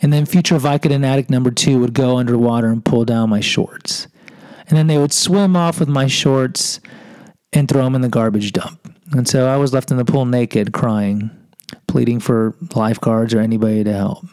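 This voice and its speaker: A man's voice: medium pitch, moderate pace, a little mellow, dry recording, poor audio. A man from Houston, a podcast host, telling a personal story in a self-deprecating way and acting out what people said. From Houston, Texas. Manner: self-deprecating, acts out quoted voices.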